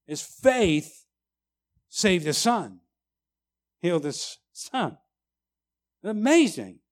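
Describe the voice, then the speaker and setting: Preaching man, fairly high voice. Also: big pitch swings, takes it slowly, long pauses. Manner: emphatic preaching, repeated "right?" asides. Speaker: pastor. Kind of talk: sermon.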